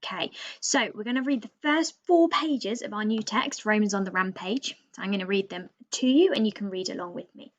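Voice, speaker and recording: A woman primary school teacher giving a recorded reading lesson, explaining step by step in a gentle way. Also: mid-range voice, brisk, hardly any pauses, no echo. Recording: dull lo-fi dry recording.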